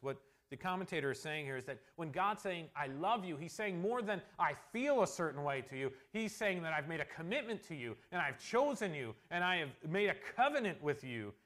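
A man preaching an expository sermon as a pastor, earnest, slowing down to stress quoted verses and swinging between quiet asides and loud emphasis. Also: sits high.

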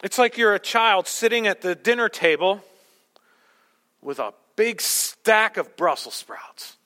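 Male pastor, fairly high, bright voice, conversational sermon with jokes, long hall reverb. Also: expressive, unhurried. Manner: conversational, self-deprecating humor.

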